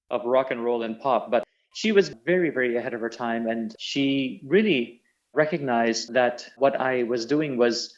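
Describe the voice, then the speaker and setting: A man's voice: medium pitch, lo-fi sound. A middle-aged man, a tabla player and singer, telling stories as an interview guest and acting out the voices he quotes. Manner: animated storyteller who acts out quoted voices. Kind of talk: storytelling in an interview.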